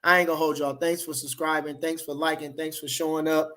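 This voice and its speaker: Man, AAVE, boxing livestream host. High, bright voice; loose and slangy, repeats lines for emphasis. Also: little pitch movement, a little fast. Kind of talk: casual livestream chat reading comments.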